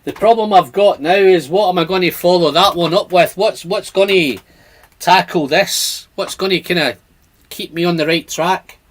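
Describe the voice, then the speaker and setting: A man's voice: high voice, moderate pace. A man hosting a casual whisky livestream, chatting and reading out viewer comments. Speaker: whisky channel host.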